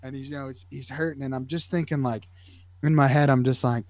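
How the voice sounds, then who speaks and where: Man, casual guest storyteller, lively and filler-heavy, dry studio sound. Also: medium pitch, fairly quick, dry recording. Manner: animated, acts out voices, many fillers. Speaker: athletic trainer and podcast guest.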